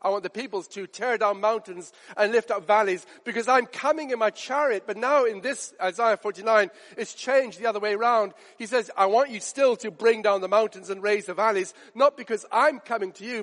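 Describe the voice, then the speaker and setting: Male preacher, high voice, earnest and emphatic, long church reverb. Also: fairly quick, hardly any pauses, fairly bright tone. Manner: earnest, emphatic, repeats phrases for effect. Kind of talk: sermon.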